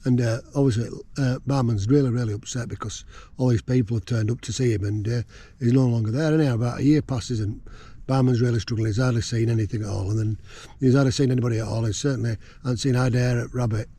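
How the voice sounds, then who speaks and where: A man's voice: mid-range voice, fairly even intonation, fast talker, mellow. A man chatting casually from his tent while wild camping, rambling with lots of fillers. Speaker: vlogger. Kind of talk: casual outdoor chat. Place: tent on a windy hill.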